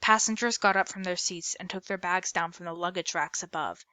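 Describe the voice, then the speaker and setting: Woman narrator, low-ish bright voice, dry close recording, steady read-aloud. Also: fairly quick, no echo. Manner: steady read-aloud with small slips and self-corrections. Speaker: storyteller. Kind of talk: reading a novel aloud.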